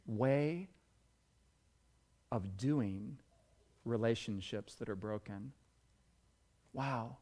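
Slow, animated male preacher. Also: on the high side. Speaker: pastor. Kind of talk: sermon.

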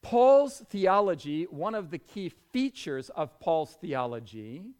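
A male preacher delivering a sermon in a conversational, emphatic way. His pitch sits fairly high for a man and rises and falls with animation. He draws his words out slowly. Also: sing-song, a little mellow. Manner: conversational, dramatic storytelling, emphatic. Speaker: pastor.

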